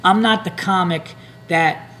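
A man's voice: high-pitched, slow pace, bright, forceful tone, a little hiss or hum. Profane man telling a rambling story. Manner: rambling, profane, acts out hecklers' lines. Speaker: comedian podcast host. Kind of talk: casual storytelling chat.

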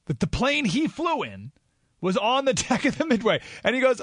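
Male radio host, storytelling monologue, animated delivery, dry studio sound. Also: high voice, unhurried, vocal fry, breathy edge, no echo. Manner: animated storytelling, rising to excited emphasis.

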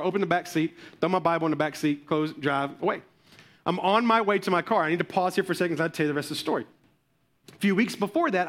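Bright, high-voiced storytelling pastor. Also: male voice. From Memphis, USA. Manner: storytelling, animated, talks to congregation. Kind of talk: sermon.

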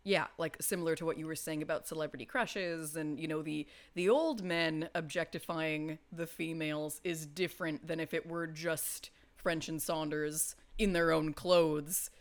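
A woman's voice: low-pitched, steady tone, normal speed, few pauses. A woman co-hosting a podcast in casual chat, giggly and self-deprecating. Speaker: podcast co-host.

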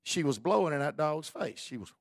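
A man preaching a sermon in a folksy, colloquial storytelling manner, building up to fervent, near-shouted exhortations. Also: fairly high pitch, lively intonation, brisk, vocal fry, no room sound, clean studio sound.

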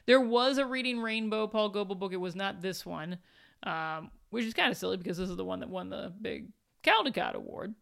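A woman's voice: medium pitch, lively intonation, brisk, creaky, fairly bright tone. Dry, sarcastic woman co-host. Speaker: podcast co-host. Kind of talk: casual book review chat.

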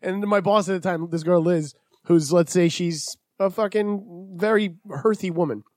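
A man with a high voice tells a story in casual podcast chat, swearing freely and acting out what people said. The sound is dry and close, with no room to it. He sounds like a man in his thirties. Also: moderate pace, no room sound. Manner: profane, animated, acts out quotes. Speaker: podcast co-host.

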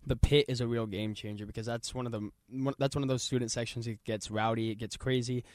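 A man's voice: mid-range voice, steady tone, fast, no room sound, studio quality. A man giving his pick on a sports radio panel, matter-of-fact.

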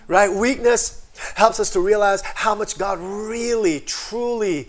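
A male pastor preaching a livestreamed sermon in a voice pitched a little above the usual for a man. He moves between loud, fervent praise and soft, chatty asides to his viewers. He leans on a constant "right?" and calls for amens. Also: slow pace. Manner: repetitive, call-and-response with many "right?" and "amen".

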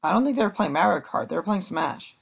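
A man's voice: high-pitched, lively intonation, fast, vocal fry, fairly bright tone, husky. A man co-hosting a casual chat about anime, teasing and joking dryly.

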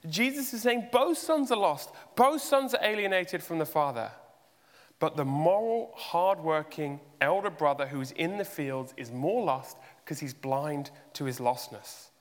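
A man's voice: fairly high pitch, expressive, a little slow. Man preaching in a reverberant hall. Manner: rhetorical questions, emphatic rises. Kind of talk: sermon.

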